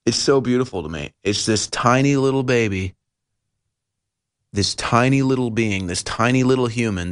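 A man's voice: on the low side, smooth. A man hosting a talk radio show, delivering an emphatic, indignant monologue and repeating his phrases for effect.

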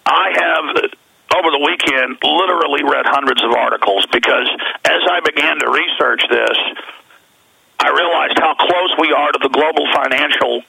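A man's voice: fairly high pitch, normal speed, creaky, pushed and bright, breathy edge, no echo, rough recording. A man with a Texan accent hosting a talk radio show over the phone from the road, rambling emphatically with many restarts. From Texas. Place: on the road, away from the studio.

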